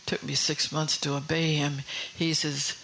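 Male preacher, gravelly, slightly high voice, fervent sermon with whispered asides. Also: level tone, unhurried, sharp tone, a little hiss or hum, low-quality recording. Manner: fervent, rhetorical questions to the congregation.

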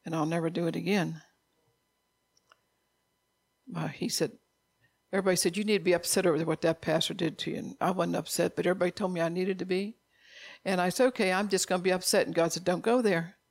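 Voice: medium pitch, little pitch movement, quick pace, creaky, pauses often, no echo. A middle-aged preacher giving an informal sermon, blunt and repetitive, scolding listeners in a conversational way.

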